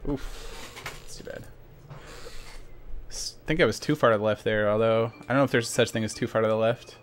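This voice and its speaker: A man's voice: lowish voice, fairly quick, soft background music. A man streaming a speedrun, mumbling asides between sudden frustrated outbursts at the game. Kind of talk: casual gaming commentary.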